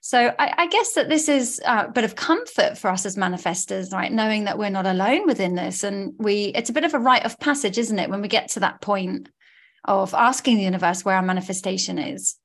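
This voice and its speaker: A woman's voice: mid-range voice, animated, brisk. A woman hosting a casual podcast as a coach, upbeat and gushing. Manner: upbeat, gushing, warm encouraging patter. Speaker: podcast host, law of attraction coach. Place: studio.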